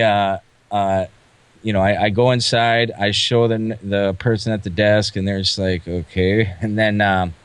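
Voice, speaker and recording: A man's voice: on the low side, clear, resonant tone, no room sound. Man, from Wisconsin, podcast guest, casual, swears a lot, laughs mid-sentence, dry close sound. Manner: profane laughing storyteller. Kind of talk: casual chat.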